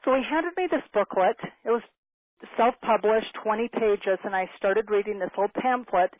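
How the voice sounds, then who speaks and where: Woman in her fifties, lively storyteller speaker, lo-fi phone-band audio, dry. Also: medium pitch, normal speed, no room sound. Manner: animated, acts out quoted dialogue. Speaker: motivational speaker. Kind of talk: personal storytelling talk. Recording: tinny phone-like, dry sound.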